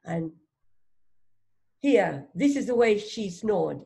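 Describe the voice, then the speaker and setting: Woman teacher reading a kids phonics book, super slow, gravelly, bouncy pitch, lots of questions and praise. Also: lively intonation, mellow. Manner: asks questions, praises, sounds out words. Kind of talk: slow read-aloud lesson for a child.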